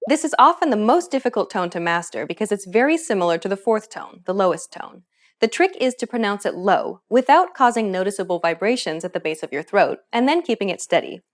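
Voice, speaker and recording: Woman reading a language lesson script, clear and teacherly, voice moves up and down a lot. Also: mid-range voice, sing-song, a little fast. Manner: clear, instructive. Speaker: pronunciation teacher.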